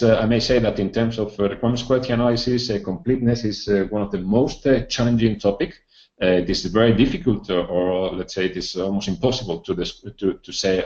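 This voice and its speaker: A man giving a technical presentation at a training session, halting with many filler sounds and restarts. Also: low-pitched, a little mellow. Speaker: project presenter. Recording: dull echoey room recording.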